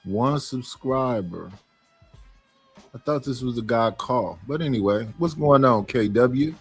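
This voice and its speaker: A man on a livestream reads out viewer comments. He talks slowly and without hurry. His pitch is ordinary. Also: lively intonation, husky, soft background music. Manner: slow, unhurried, reading comments aloud. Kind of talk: casual livestream chat.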